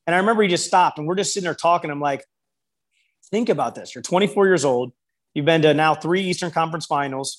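A man who works as a basketball skills coach, telling stories in an interview and acting out the people he quotes. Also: on the high side. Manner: storytelling, quotes people in lively voices. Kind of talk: interview conversation.

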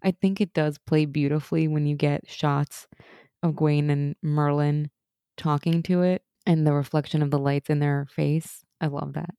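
Chatty low-voiced woman co-host. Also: flat delivery, dark tone, clear, resonant tone, dry recording, studio quality. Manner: chatty, uses "like" often, quick laughs. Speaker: podcast co-host. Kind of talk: casual rewatch chat.

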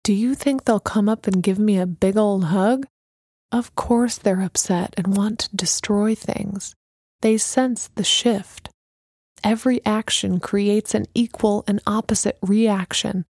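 A woman's voice: mid-range voice, fairly even intonation, a little slow, darkish tone, no room sound, clean studio sound. A woman doing a serene, knowing mystic. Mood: calm, knowing. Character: calm, mystical woman, amused and unbothered.

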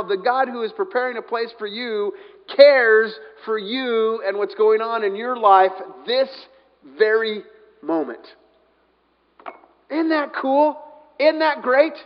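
Animated high-voiced male preacher. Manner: animated, swings from loud to hushed. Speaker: pastor. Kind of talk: sermon. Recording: dull sound, long hall reverb.

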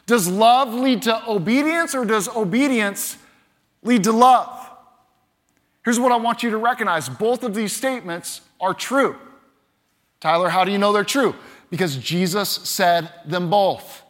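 A male pastor preaching a sermon, animated, acting out quoted voices in it. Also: high voice, a little slow.

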